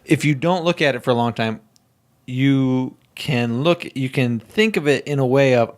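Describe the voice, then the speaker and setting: A man co-hosting a podcast, chatting casually in excitable, swearing bursts. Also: mid-range voice, moderate pace. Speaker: podcast co-host. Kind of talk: casual chat.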